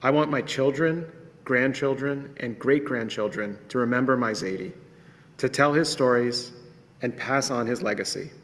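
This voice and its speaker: A man's voice: mid-range voice, moderate pace, fairly bright tone. A young man reading a personal remembrance at a ceremony, earnest and reflective. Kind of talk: personal testimony read aloud. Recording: reverberant hall.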